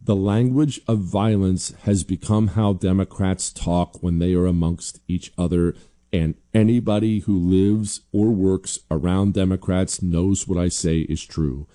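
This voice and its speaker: A man's voice: low voice, fairly even intonation, a little slow, warm tone. A man hosting a commentary show, talking emphatically and combatively, repeating his points for stress. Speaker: political commentary host. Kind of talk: opinionated commentary.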